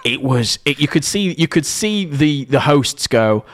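A man hosting breakfast radio, jokey and quick in playful banter. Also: fairly high pitch, expressive.

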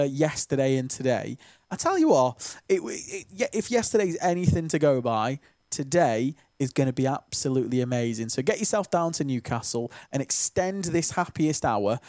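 A man's voice: mid-range voice, darkish tone, no room sound. Guy on local radio, jokey, lots of uhs, dry studio mic. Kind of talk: breakfast radio chat. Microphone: studio microphone.

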